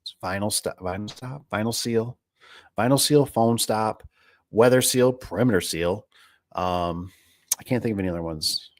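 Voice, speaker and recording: Rambling, folksy low-voiced man. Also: moderate pace, no echo. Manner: rambling, filler-heavy, folksy. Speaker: garage door business owner. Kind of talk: casual livestream chat.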